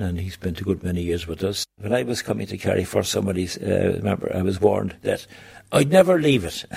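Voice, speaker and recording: Deep, gravelly older man. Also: a little mellow. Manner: halting, restarts phrases. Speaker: interviewee, former newspaperman. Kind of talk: reminiscing interview.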